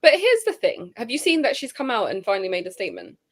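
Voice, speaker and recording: A woman chatting casually as co-host, animated and outspoken, swearing and going off on tangents. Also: fairly high pitch, quick pace. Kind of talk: casual banter.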